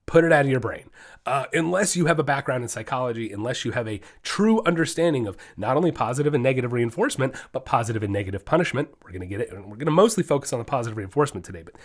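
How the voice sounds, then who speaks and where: A man's voice: medium pitch, animated, racing. A man hosting his own dog training podcast, talking solo in an emphatic, fired-up way that often slides into ranting.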